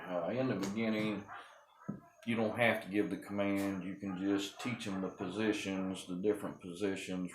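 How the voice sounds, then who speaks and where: A man breeding and training dogs gives a casual, rambling talk on puppy training to a camera on the wall of a small room. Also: fairly low pitch. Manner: folksy, rambling, with many ums and restarts. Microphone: fixed camera on the wall. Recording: echoey room with clear background noise.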